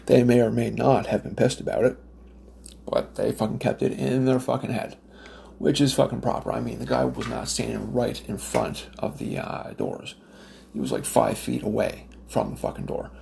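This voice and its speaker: A man's voice: medium pitch, lively intonation, normal speed, creaky, warm tone, a little hiss or hum. A man from Nova Scotia, Canada, ranting in a casual, profane, rambling monologue with lots of fillers and restarts. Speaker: smoker telling stories.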